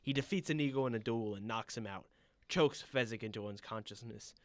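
A man's voice: medium pitch, a little fast, no room sound, clean studio sound. A man co-hosting a podcast, reading out plot summaries and reacting to his co-host's retelling. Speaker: podcast co-host. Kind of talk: casual chat.

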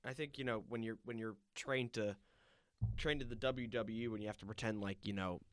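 Halting man chatting about a movie. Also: on the low side, no echo, clean studio sound. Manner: halting, with many restarts and laughs. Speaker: podcast co-host. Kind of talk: casual chat about a movie.

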